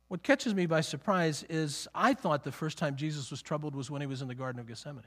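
A man teaching a conversational Bible sermon, animated and emphatic, acting out the quotes as he goes. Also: fairly high pitch, fast, few pauses. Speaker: preacher.

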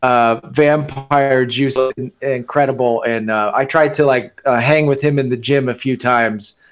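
Male filmmaker, casual interview, halting delivery with lots of fillers. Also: medium pitch, steady tone. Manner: hesitant, many fillers and restarts.

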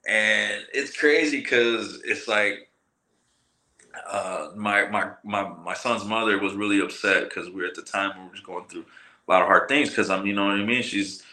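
A man from Michigan, US, a cannabis grower appearing as a podcast guest, tells a long story at a normal speed in a lowish voice. His retelling is animated, profane and slangy, and he acts out the people he quotes. The recording has a roomy echo.

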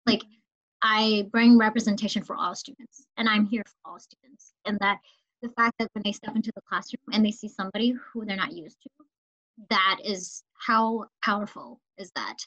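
A woman teacher from Minnesota telling an emotional story in a relaxed conversation. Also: mid-range voice, normal speed, muffled recording. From Minnesota, United States. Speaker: teacher, podcast guest. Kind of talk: casual conversation.

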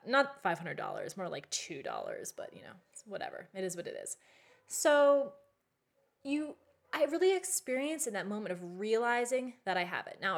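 A woman's voice: mid-range voice, a bit bright. Chatty, candid woman teaching witchcraft. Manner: chatty and candid, with frequent "like" and casual swearing. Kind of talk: casual spoken teaching.

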